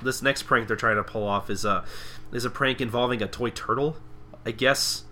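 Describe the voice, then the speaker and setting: A man's voice: medium pitch, steady tone, moderate pace, pushed and bright, slight background noise. A young man co-hosting a podcast, chatting and joking casually, often stumbling and restarting his sentences. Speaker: podcast co-host. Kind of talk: casual podcast recap chat.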